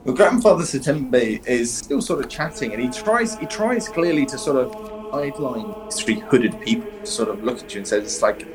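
A man running a tabletop game, his narration meandering and full of restarts. His pitch sits in the middle. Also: expressive, moderate pace, over music, rough recording. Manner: rambling, many fillers and restarts. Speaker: game master.

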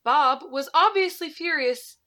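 A woman casually telling a story on a podcast, animated, laughing and swearing freely. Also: sits high, measured pace. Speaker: podcast co-host.

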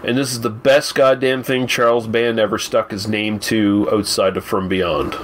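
A man's voice: lowish voice, little pitch movement, moderate pace. A man in casual podcast chat, laid-back and wry with some swearing.

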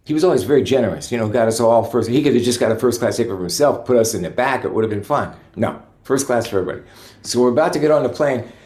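A man, a guest musician, telling relaxed stories in a rambling way, full of "you know". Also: medium pitch, reverberant. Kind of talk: relaxed anecdotal storytelling.

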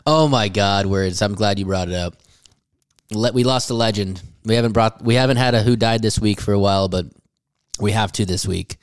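A man co-hosting a casual chat show, joking crudely with quick asides. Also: on the low side, clean tone, no echo, studio quality. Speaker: podcast co-host.

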